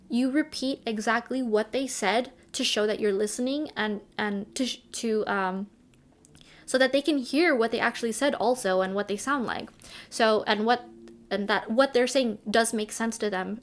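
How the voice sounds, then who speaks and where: A young woman giving casual advice to camera in a chatty way, with lots of fillers and restarts. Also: a little high. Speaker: vlogger.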